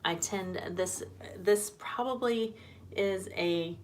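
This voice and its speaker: A woman's voice: mid-range voice, slow, a little hiss or hum. Chatty woman hosting a live stream. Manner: chatty, rambling, greets viewers from the comments; laughs easily. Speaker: homesteading channel host. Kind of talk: casual live-stream chat.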